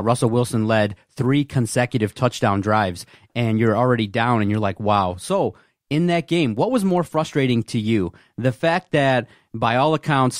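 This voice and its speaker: A man co-hosting a sports podcast, posing long, steady questions in casual talk. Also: mid-range voice, dry recording, clean studio sound.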